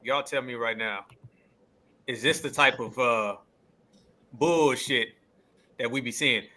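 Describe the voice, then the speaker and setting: A man hosting a casual group talk show, animated and profane, calling on his co-hosts. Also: mid-range voice, takes it slowly. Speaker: podcast host.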